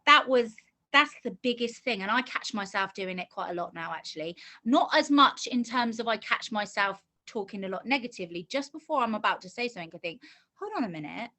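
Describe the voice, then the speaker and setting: An earnest middle-aged woman talks at length in a casual interview. Her voice sits slightly high and sounds bright and forceful. She often doubles back and restarts her sentences as she works through her thoughts. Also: lively intonation, a little fast. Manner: earnest, talkative storytelling with many restarts. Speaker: course graduate being interviewed.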